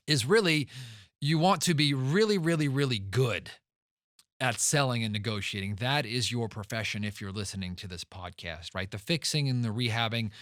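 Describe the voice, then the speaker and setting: Clean studio audio with no room sound carries a medium-pitched, fairly bright male voice. He's a podcast host and real estate investor giving a monologue, storytelling emphatically and repeating words for stress.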